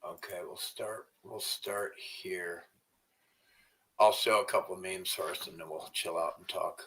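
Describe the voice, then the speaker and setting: A man with a low voice and a sharp, forceful edge rants at his viewers, swearing constantly. He streams from home and shifts between grumbling and loud outbursts of anger. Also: steady tone, unhurried. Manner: angry, profane ranting. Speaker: livestreamer. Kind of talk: livestream rant and chat.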